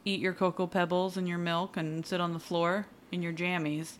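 A woman's voice: lowish voice, flat delivery, moderate pace. A woman co-hosting a podcast, chatting casually and agreeing often with short replies. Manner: agreeable, with frequent short backchannels. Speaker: podcast co-host. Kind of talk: casual chat.

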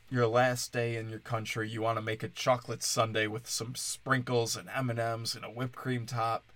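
A man's voice: mid-range voice, fairly bright tone, no room sound. A man from Wisconsin hosting a solo comedic rant, profane and sarcastic, swinging between mocking asides and exasperated outbursts.

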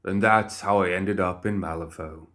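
A man's voice: low-pitched, steady tone, normal speed, a bit bright. A man voicing a boastful, condescending undead man who is only a severed head, in a storybook reading. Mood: smug. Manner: smug and boastful.

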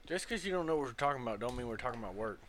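A man's voice: mid-range voice, animated, racing, crowd noise. A man co-hosting a podcast in casual chat, laid-back and rambling, swearing freely. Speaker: podcast co-host.

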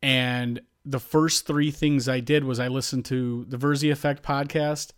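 Man, thirties, podcast co-host, casual chat, animated, quotes people loudly. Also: mid-range voice, a little slow, clean tone.

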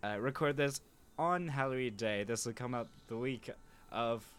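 Bright-voiced man running the game. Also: medium pitch, normal speed, clear, resonant tone. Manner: rambling, laughing, lots of fillers. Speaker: game master. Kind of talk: casual tabletop game chat.

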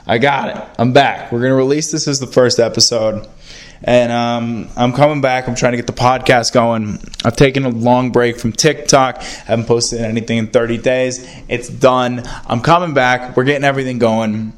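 Young dude rambling into a little voice recorder at a friend's place, ranting and laughing at himself, regular pitch. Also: male voice, normal speed. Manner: rambling, animated, self-mocking. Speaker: podcast host. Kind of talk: casual solo podcast rant. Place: indoors at a friend's house. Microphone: handheld voice recorder.

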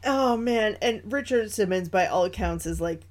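A woman's voice: lowish voice, normal speed. A woman co-hosting a podcast, chatting casually about a film and laughing often. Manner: animated, laughs often while talking. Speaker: podcast co-host. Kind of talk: casual chat reviewing a film.

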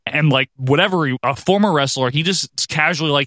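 A man's voice: on the high side, quick pace, fairly bright tone, no echo, clean studio sound. A man co-hosting a podcast, recapping in a casual, wry way and laughing often. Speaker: podcast co-host.

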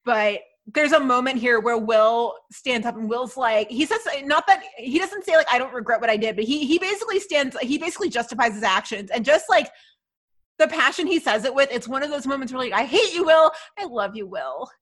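A woman with a high voice talks fairly quickly as a podcast co-host, casually recapping a TV episode. She's animated and acts out the characters' lines.

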